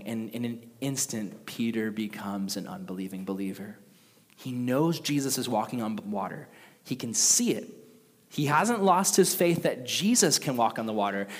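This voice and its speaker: Conversational male preacher in a hall. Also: mid-range voice. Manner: conversational, animated, with acted quotes. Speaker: pastor. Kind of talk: sermon. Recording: long reverb of a large hall.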